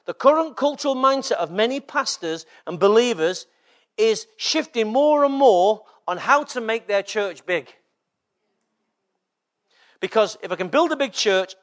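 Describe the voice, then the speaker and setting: A man's voice: high-pitched, fairly bright tone. A man from England preaching a sermon as a pastor, often checking in with the congregation through short rhetorical questions.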